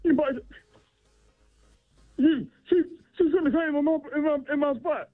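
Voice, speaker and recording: A man's voice: very high-pitched, measured pace, pitched above the performer's own voice. A man voicing a male mutt dog who phones in to a radio show, stammering and indignant about being wronged. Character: male mutt dog phoning in, defensive and aggrieved. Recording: tinny phone line.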